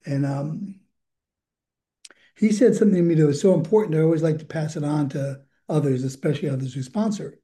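A man's voice: a little high, fairly quick, mellow. An older man giving a candid, rambling recovery share, chuckling often as he talks. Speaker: recovery program speaker.

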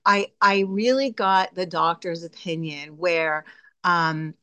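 A woman's voice: lowish voice, fairly even intonation, slow, sharp tone, smooth. A woman giving a candid, chatty personal share at a recovery meeting, laughing often and acting out her own inner voice. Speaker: speaker sharing at a recovery meeting.

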